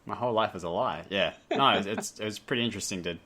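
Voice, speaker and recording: A man's voice: on the low side, fast talker, sharp tone, slight background noise. A man with a light Australian accent hosting a podcast, chatting casually and rambling off on self-deprecating tangents. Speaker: podcast host. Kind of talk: casual chat. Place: home, talking over a voice call.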